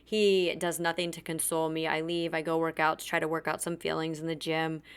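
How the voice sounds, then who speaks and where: A woman with a low-pitched, clear, resonant voice hosts a podcast, talking fairly quickly in a level tone. She tells a personal story candidly and bluntly, swearing freely and acting out what other people said.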